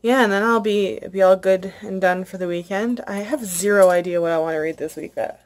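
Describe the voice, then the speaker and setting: A woman's voice: medium pitch, a little fast. Young woman book vlogger, casual home chat, gushing, filler-heavy. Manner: chatty, gushing, many fillers.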